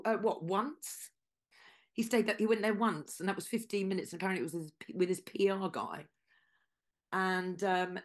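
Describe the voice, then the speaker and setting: A woman with a Scouse accent hosting a casual news show, chatty with sarcastic asides. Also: fairly low pitch.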